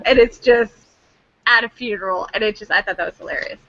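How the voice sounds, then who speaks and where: A woman co-hosting a casual chat, animated and laughing as she acts out reactions. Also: mid-range voice, fairly quick, dry recording, dull audio. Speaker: co-host.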